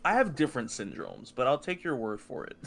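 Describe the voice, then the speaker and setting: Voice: medium pitch, wildly swooping pitch, brisk, gravelly, fairly bright tone, slightly rough, soft background music. A player in a tabletop game, wry and teasing. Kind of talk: casual chat in a tabletop game.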